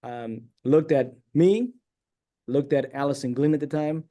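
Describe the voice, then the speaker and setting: A man's voice: medium pitch, measured pace. A middle-aged man from San Diego telling a long personal story as a guest in a casual interview, acting out the voices of people he quotes. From San Diego, California. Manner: rambling, animated storyteller who acts out quoted dialogue.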